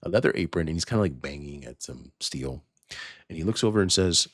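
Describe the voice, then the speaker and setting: Man, game master, loose rambling narration, deep voice, dry sound. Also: expressive, a little fast, no echo. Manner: loose, rambling, many fillers.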